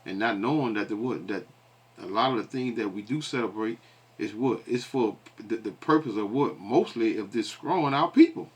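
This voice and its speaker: A man giving religious commentary, asking his listeners questions and filling pauses with many ums. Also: fairly low pitch. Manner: call-and-response questions, many fillers. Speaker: preacher.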